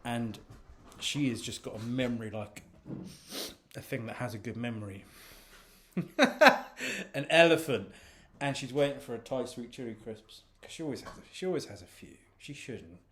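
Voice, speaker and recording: A man's voice: mid-range voice, lively intonation, normal speed, pauses often, reverberant, a little hiss or hum. A man rambling in a casual, sweary monologue from his home office, laughing often. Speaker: author and podcast host.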